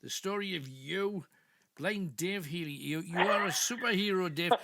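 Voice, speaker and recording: Radio host, gravelly, a touch high, close dry studio mic. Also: male voice, normal speed, noisy background. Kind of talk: late-night radio interview.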